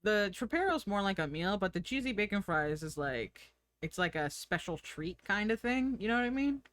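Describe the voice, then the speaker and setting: A woman's voice: mid-range voice, sing-song, moderate pace, fairly bright tone, no room sound. Giggly American woman streamer. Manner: chatty, giggly, thinks aloud. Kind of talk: casual live-stream chat.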